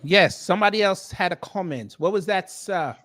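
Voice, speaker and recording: A man doing a pompous, mock-posh British gentleman in comedic banter, clipping "sir" onto nearly every line. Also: sits high, normal speed, no echo. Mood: haughty.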